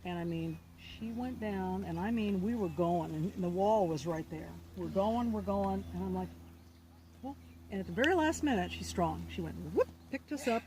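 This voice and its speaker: A woman instructor talks a rider through an outdoor lesson, calm and encouraging. Her voice sits at a middle pitch. Faint outdoor sounds of birds and animals drift behind her. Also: moderate pace, few pauses, noisy background. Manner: calm, encouraging, reassuring coaching. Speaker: riding instructor. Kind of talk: outdoor riding lesson coaching. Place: outdoor riding arena.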